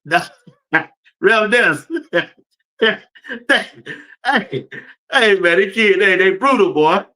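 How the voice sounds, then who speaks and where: A sports talk show host runs a casual commentary livestream, speaking loosely and colloquially, laughing often and addressing his viewers and chat directly. His voice sits high and sounds pushed and bright.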